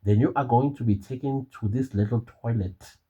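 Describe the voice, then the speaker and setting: A man's voice: medium pitch, normal speed, dark tone, breathy edge, muffled recording. A man from South Africa with a South African accent, giving an emphatic casual commentary monologue and asking the listener rhetorical questions. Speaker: online commentator.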